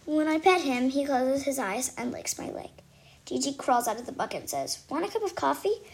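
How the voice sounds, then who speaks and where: A woman reading a children's chapter book aloud with expressive, animated storytelling. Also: sits high, normal speed. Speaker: reader.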